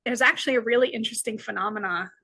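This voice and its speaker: Bright-voiced woman giving a lecture. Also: fairly high pitch, rapid-fire, husky. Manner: frequent tag questions, explanatory. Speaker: philosophy lecturer. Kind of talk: recorded lecture.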